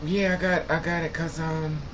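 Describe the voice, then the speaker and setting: A man's voice: a little high, flat delivery, normal speed. A man hosting a live stream in casual, blunt and profane chat, laughing often. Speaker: livestream host. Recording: clear background noise with passing traffic.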